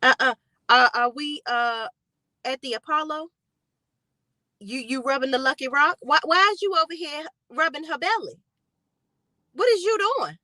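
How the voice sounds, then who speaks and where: A woman's voice: high-pitched, normal speed, pauses often, bright, forceful tone, dry recording, voice pushed up. A woman putting on the voice of a jealous young woman confronting her man, indignant and cursing.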